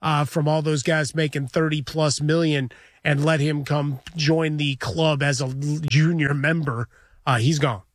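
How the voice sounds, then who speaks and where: A man's voice: on the high side, fairly even intonation, measured pace, no room sound. A man co-hosting a sports radio show from a studio, talking in a wry, opinionated way full of idioms. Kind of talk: casual radio banter.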